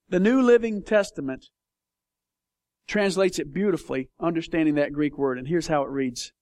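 Pastor, male, high voice, dry close sound, impassioned, emphatic sermon delivery. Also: normal speed, a little mellow, no echo. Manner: passionate, emphatic preaching with big swings in intensity.

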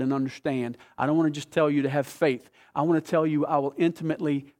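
A male pastor with a slightly high voice delivers a heartfelt sermon. He rises into loud, emphatic bursts, then drops to a slow, near-hushed tone as he reads scripture and draws the congregation close.

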